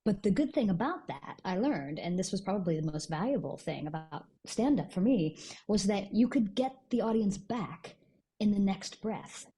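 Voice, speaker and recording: A middle-aged woman, a guest on a podcast, chatting casually and telling stories in an animated way, quick to laugh. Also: medium pitch, breathy edge. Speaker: guest, stage actor.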